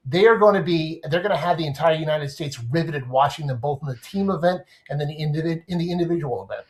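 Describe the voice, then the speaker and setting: This guest sports writer talks fast with a fairly high pitch during a casual podcast discussion, animatedly explaining things with comparisons from everyday life.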